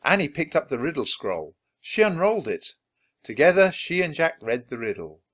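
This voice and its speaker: A man's voice: a little high, moderate pace. A man reading a children's book aloud, narrating expressively. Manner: expressive, lively. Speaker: storybook reader.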